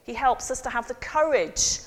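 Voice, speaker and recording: A woman priest giving a lively sermon and involving her congregation. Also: fairly high pitch, normal speed. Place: church. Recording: long church reverb.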